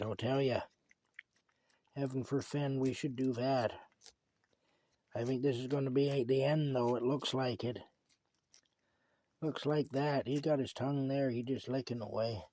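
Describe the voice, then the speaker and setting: At home by a table, a man vlogger talks to his cat in a chatty, affectionate way, tossing in wry self-deprecating jokes. His voice is medium-pitched with a darkish tone, and it was recorded on a phone.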